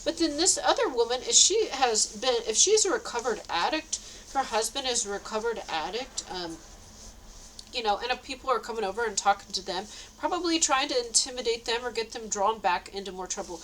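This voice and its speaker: A woman's voice: on the high side, expressive, fairly quick, a bit bright, slight background noise, rough recording. A woman telling a rambling story in a casual vlog, with frequent nervous laughs. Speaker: vlogger.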